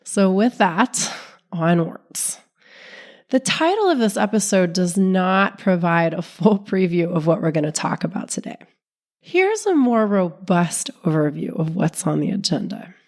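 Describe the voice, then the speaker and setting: A woman relationship coach hosting her own podcast, talking calmly and steadily while sick, her voice sounding off from illness. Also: lowish voice, normal speed. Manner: calm, steady, non-judgmental explaining. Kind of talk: solo podcast talk.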